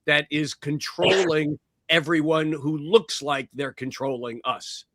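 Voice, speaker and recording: A man's voice: on the high side, fairly even intonation, a bit bright, dry recording. Thoughtful guy on a panel, stops and restarts a lot, dry close sound. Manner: thoughtful, halting, lots of ums and restarts. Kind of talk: panel talk, reflective explanation.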